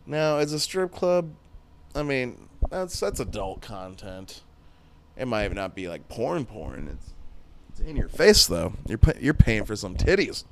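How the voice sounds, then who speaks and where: A man's voice: medium pitch, big pitch swings, a little slow, a little hiss or hum. A man in his thirties hosting a podcast solo, rambling and joking crudely in casual chat. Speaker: podcast host.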